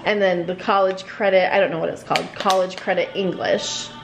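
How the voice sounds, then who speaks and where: A woman's voice: fairly low pitch, fairly even intonation, a little fast, creaky, over music. A woman talking in a casual family vlog, chatty and proud, laughing often. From Seattle area, USA. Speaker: vlogger mom.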